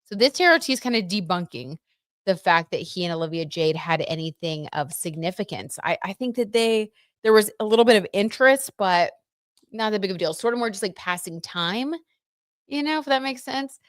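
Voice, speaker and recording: A woman's voice: mid-range voice, expressive, a little fast, no room sound, clean studio sound. A young woman hosting a casual livestream, chatting about tarot and celebrity gossip with lots of "like" and "you know.".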